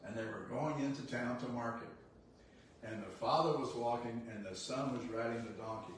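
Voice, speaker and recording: A man's voice: mid-range voice, moderate pace. An older man giving a blunt, folksy motivational talk, laughing often as he tells stories. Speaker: real estate CEO giving a talk. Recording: echoey room, distant mic, faint noise.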